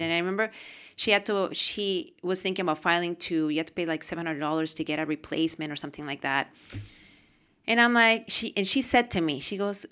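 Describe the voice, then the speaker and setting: A woman from Peru talking to camera about her own experiences, with animated, emotional storytelling. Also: lowish voice, quick pace, smooth. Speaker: host. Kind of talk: casual monologue to camera.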